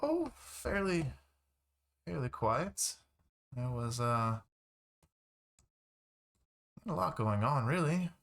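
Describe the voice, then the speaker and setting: A man's voice: mid-range voice, big pitch swings, takes it slowly, vocal fry, pauses often, a bit bright, voice pushed up, heavily acted. A man voicing a friendly but flustered neighbor who hedges and stammers, in a tabletop game. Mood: evasive. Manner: hesitant, full of ums and trailing phrases.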